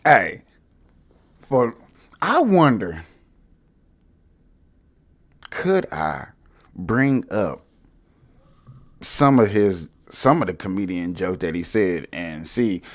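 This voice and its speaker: A man hosting a casual live stream, addressing viewers directly in a loud, mocking way. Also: sits low, very animated, very slow, long pauses.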